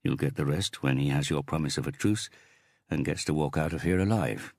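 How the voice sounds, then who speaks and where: A man playing a calm older police inspector. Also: extremely low pitch, no room sound, studio quality. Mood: measured. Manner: measured, hushed.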